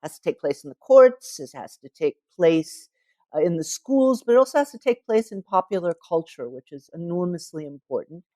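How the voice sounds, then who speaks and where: A woman author speaks as an interview guest, explaining her ideas in a measured, thoughtful way. Her voice sits in a mid range. The recording is dry and close. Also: medium pitch, mellow, dry recording. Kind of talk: interview conversation.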